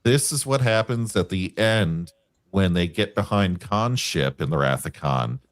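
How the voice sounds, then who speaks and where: A man's voice: sits low, expressive, a little slow, no echo. A man co-hosting a casual review chat, earnest and enthusiastic, often stopping and restarting his sentences. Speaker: co-host. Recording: dry close-mic sound.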